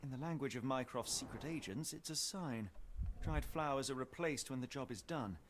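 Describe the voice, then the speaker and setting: An actor playing a sharp, composed male detective in a video game, with a precise, measured delivery. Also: medium pitch, slight background noise, lightly acted. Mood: musing.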